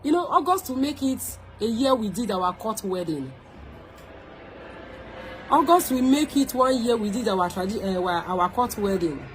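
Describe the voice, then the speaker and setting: A woman's voice: on the high side, expressive, moderate pace, a little hiss or hum, rough recording. A woman with a Nigerian accent, hosting her own online show, delivering a scolding, confrontational rant straight to the camera, mixing pidgin into her English and repeating phrases for emphasis.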